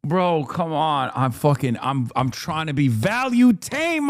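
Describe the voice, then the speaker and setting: A man's voice: on the high side, big pitch swings, a little slow, hardly any pauses, no room sound, clean studio sound. A man streaming casual reaction commentary, profane and mocking, breaking into laughter.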